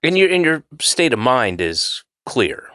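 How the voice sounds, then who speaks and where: A man's voice: mid-range voice, big pitch swings, measured pace, pushed and bright, clean tone, no room sound, studio quality. A man hosting a podcast, reacting briefly and asking follow-up questions. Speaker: podcast host. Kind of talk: casual interview chat.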